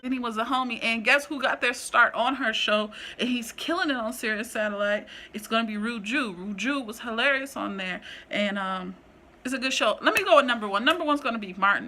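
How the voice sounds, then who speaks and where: Bright chatty woman vlogger. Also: a little high, normal speed. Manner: chatty, animated, slangy, rambling. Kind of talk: casual chat, ranking list.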